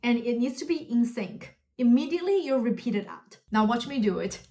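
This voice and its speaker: A woman's voice: fairly high pitch, lively intonation, a little fast, dark tone. A woman giving a casual video lesson on spoken English, friendly and demonstrative, laughing at herself now and then. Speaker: English teacher.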